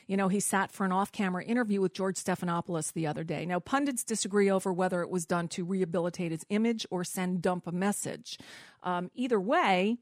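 A woman's voice: on the low side, fast, no echo, studio quality. A woman hosting a political talk radio show, chatting casually, restarting her phrases and reading posts aloud. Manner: chatty, self-interrupting, reads posts aloud.

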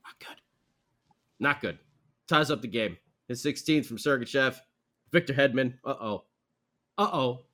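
A man hosting a podcast, recapping a hockey game in a rambling, animated way with lots of fillers and restarts. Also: medium pitch, measured pace, pauses often. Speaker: podcast host.

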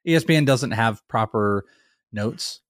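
A man's voice: mid-range voice, animated, measured pace, no echo. A man co-hosting a fantasy baseball podcast, chatting casually and joking while he calls out draft picks. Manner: jokey, laughs often, calls out picks. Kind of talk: casual chat during a live draft.

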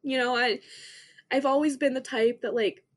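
Young woman guest, earnest and halting, slightly high voice, heartfelt personal account. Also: fairly even intonation. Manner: earnest, halting, many restarts and fillers. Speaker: podcast guest. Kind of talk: emotional personal story.

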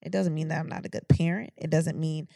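A young woman co-hosting a podcast in loose, candid chat, swearing freely and stopping to restart her thoughts. Her voice sits low and gravelly, with lively ups and downs, and the sound is dry and close. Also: no echo. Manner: frank, profane, halting restarts. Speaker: podcast co-host.

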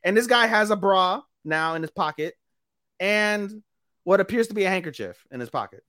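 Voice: medium pitch, animated, moderate pace, fairly bright tone. Profane, rambling podcast storyteller. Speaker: podcast co-host. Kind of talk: casual chat recapping an anime.

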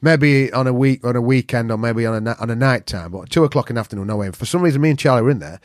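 A middle-aged Yorkshire man talking as a podcast guest, recorded dry and close with no room sound. He spins his stories bluntly and swears freely, keeping the chat lively. His voice sits in an ordinary middle pitch for a man. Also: rapid-fire, dry recording. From England. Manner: profane, blunt, animated storyteller. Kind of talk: casual storytelling chat.

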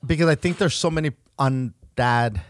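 A man's voice: mid-range voice, normal speed, dry recording. A man co-hosting a comedy podcast, teasing and rambling with fillers. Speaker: podcast co-host. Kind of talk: casual chat.

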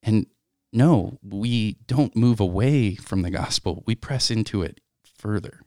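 A man co-hosting a faith podcast, speaking in a reflective, measured way. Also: on the low side, dark tone, no room sound, studio quality. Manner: reflective, measured, quotes scripture. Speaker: podcast co-host. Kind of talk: casual faith discussion.

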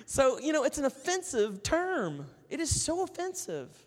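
A man's voice: very high-pitched, wildly swooping pitch, moderate pace, long reverb tail. A man preaching a sermon in a conversational way, telling stories and acting out the people in them. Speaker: pastor.

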